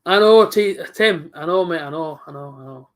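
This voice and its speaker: A man's voice: a little high, normal speed. A young man giving live reaction commentary on a football match, chatty and openly frustrated. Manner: chatty, frustrated, talks back to off-mic friend. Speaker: football fan streamer.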